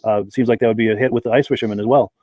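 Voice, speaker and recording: A man's voice: mid-range voice, steady tone, rapid-fire, a little mellow, dry recording. A man hosting a live podcast, chatting and reading out viewers' names and hometowns. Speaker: podcast host. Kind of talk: live-stream podcast chat.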